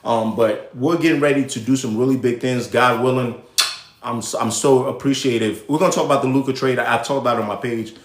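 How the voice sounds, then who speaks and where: A young adult man from Nigeria hosting a live show in casual commentary, animated and rambling, often cutting himself off. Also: mid-range voice, fairly quick, a little hiss or hum. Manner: animated, rambling, self-interrupting. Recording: echoey room.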